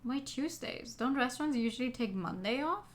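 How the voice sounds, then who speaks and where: A woman's voice: high-pitched, animated, normal speed, slight background noise. A woman reading game dialogue aloud as a determined young male detective searching for answers about his grandfather. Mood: earnest.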